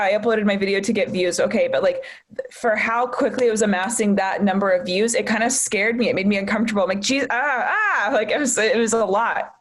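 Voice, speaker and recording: A young woman, a stand-up comedian, talking casually as a podcast guest, telling stories with quoted voices and a lot of swearing. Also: mid-range voice. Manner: chatty storyteller, quotes people, swears freely. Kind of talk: casual chat.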